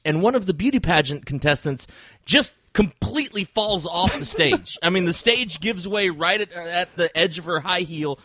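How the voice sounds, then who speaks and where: Male co-host, animated and joking, bright tone. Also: fairly high pitch, dry recording. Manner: animated and joking, laughs often. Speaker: podcast co-host. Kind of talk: casual chat.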